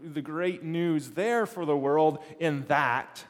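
A man's voice: fairly high pitch, slow, long reverb tail. A man playing a young boy who is exasperated by piano lessons, with a whiny, incredulous tone.

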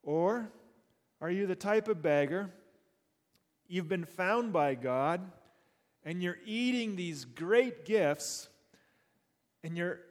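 A man preaching a sermon, asking his listeners rhetorical questions and building up to excited, rising passages. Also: high-pitched. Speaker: pastor. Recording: long hall reverb.

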